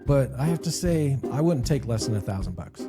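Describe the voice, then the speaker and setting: A man's voice: mid-range voice, big pitch swings, a little fast, over music, close to an everyday voice. A man playing a drunk vagabond who cons a bartender, in a joke he tells on a podcast. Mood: mock-reluctant. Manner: sly, mock-reluctant. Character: drunk male vagabond, sly con man.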